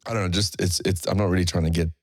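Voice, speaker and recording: A man's voice: low-pitched, fairly even intonation, racing, no echo, clean studio sound. A man co-hosting a podcast, chatting casually and rambling through his points. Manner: rambling, full of fillers and restarts. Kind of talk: casual chat.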